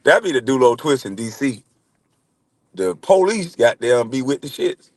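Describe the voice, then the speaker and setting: A man's voice: medium pitch, animated, moderate pace, a little mellow, no room sound. A man, hosting a casual livestream and bantering loosely with chat, swearing and laughing. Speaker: livestream host.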